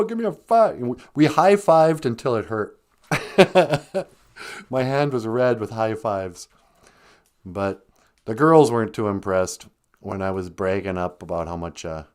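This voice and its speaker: A playful man hosts a casual live stream. His pitch swings widely as he chats, chuckles and greets viewers one by one. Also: darkish tone. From north central Minnesota. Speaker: host.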